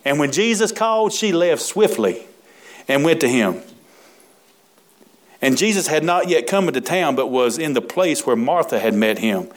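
A man's voice: on the high side, lively intonation. Folksy preacher man drawing out words. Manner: folksy, emphatic, drawn-out words with asides to the congregation. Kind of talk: sermon reading and expounding scripture.

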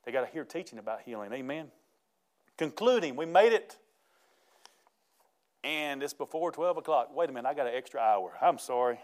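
A man preaching a lively, folksy sermon, laughing as he goes. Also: medium pitch, normal speed, long pauses. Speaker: pastor.

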